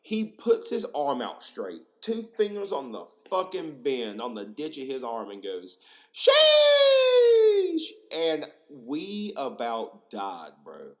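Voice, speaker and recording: A young man tells stories on his podcast, loose and slangy, full of fillers and crude jokes. His pitch sits in the middle but swings widely as he talks. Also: sing-song, a little slow, hardly any pauses. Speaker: podcast host. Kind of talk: casual storytelling monologue.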